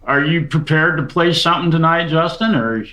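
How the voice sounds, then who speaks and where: A man's voice: on the high side, a little fast, sharp tone. A man hosting a live online guitar jam in a casual, joking way. He laughs often and swears easily. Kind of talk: casual chat. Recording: guitar music playing behind. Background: guitar music.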